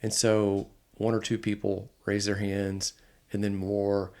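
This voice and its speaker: Animated storytelling man, low voice. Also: measured pace. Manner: animated, quotes others in lively voices. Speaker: podcast host, instructor. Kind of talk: casual storytelling chat.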